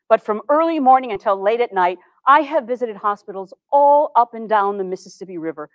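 Brief: actress as earnest 1860s reformer, formal first-person monologue, dry close sound. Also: female voice, fairly high pitch, no echo, natural voice, rough recording. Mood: earnest pleading. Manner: formal, measured old-fashioned diction. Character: earnest 1860s woman reformer, composed and dignified. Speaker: historical reenactor.

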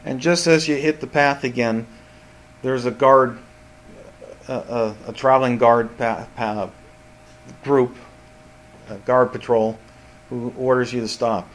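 Halting man running a tabletop game. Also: mid-range voice, steady tone. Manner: halting, repeats words while narrating. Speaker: game master.

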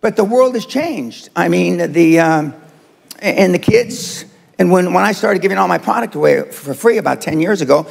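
A man's voice: sits high, animated, moderate pace, creaky, breathy edge. An older man giving a motivational seminar talk to a live audience, blunt, profane and confrontational. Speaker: seminar speaker. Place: large seminar hall with audience. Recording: reverberant live hall recording.

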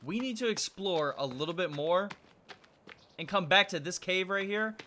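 A man's voice: sits high, expressive, moderate pace, bright, forceful tone, a little hiss or hum. A young man hosting a let's-play video, nervously talking to himself as he plays. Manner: nervous, talks to himself while playing. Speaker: gaming video host.

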